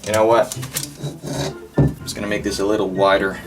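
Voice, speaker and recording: A man's voice: fairly low pitch, little pitch movement, brisk. A man narrating a hands-on restoration in a hot room, muttering, sighing and straining while he works. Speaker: vlogger restoring a helmet. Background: background music.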